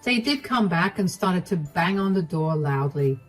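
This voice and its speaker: A woman narrating a first-person story in an even, matter-of-fact way. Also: fairly low pitch, moderate pace, faint music behind, low-quality recording.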